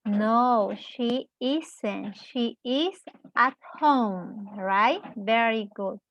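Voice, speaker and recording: A woman teaching English, who explains in Spanish, models sentences slowly and clearly, asks the class questions and praises their answers. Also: on the high side, muffled recording. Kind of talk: slow, deliberate classroom explanation.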